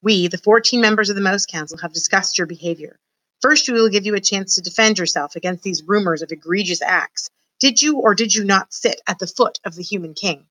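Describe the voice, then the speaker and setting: A woman's voice: mid-range voice, fairly quick, fairly bright tone, no echo, lightly acted, low-quality recording. A woman voicing a stern older male mouse who leads a council and speaks in formal, commanding tones in a storybook reading.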